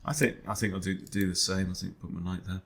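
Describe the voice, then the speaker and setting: Gravelly man thinking aloud. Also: sits low, fairly even intonation, quick pace, fairly bright tone. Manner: wry, self-deprecating, muttering to himself. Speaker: chess coach. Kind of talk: thinking aloud during an online chess game.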